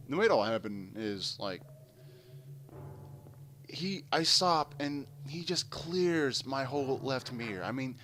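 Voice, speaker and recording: A man's voice: mid-range voice, slow pace, slight background noise. A man casually telling a long, rambling story full of swearing while playing a game. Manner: rambling, profane, animated storyteller. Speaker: gameplay commentator. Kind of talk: casual storytelling over gameplay.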